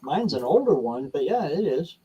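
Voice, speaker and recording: A man's voice: a little high, big pitch swings, normal speed, mellow, slightly rough, highs cut off. A man joining a live chat about car repairs with short, offhand remarks.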